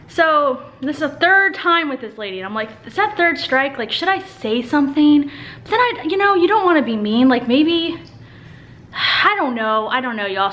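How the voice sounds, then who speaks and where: A woman's voice: high voice, pushed and bright. A young woman vlogging in a casual, rambling chat to the camera, filling her talk with "like". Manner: chatty, rambling, fills with "like". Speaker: family vlogger.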